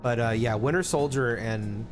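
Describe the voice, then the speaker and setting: A man's voice: mid-range voice, moderate pace. A man from the Philippines chatting casually and profanely while streaming a game, with rambling asides and jokes. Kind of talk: casual live-stream chat over gameplay. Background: game music.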